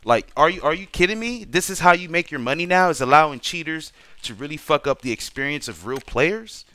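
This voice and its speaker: Gaming streamer, young man, slightly high, bright tone, profane exasperated rant. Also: expressive, brisk, no room sound. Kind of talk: casual gameplay commentary.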